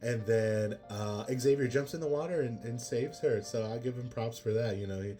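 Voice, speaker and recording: A man's voice: medium pitch, normal speed, warm tone. A man giving a casual spoken movie review, rambling with many fillers and exasperated asides.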